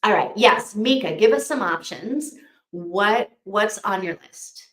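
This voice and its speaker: A woman hosting a casual live reading sprint, chatting with viewers in a gushing, excitable way. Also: medium pitch, slow. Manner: gushing and excitable, with frequent "oh my gosh". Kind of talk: casual livestream chat. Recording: echoey room.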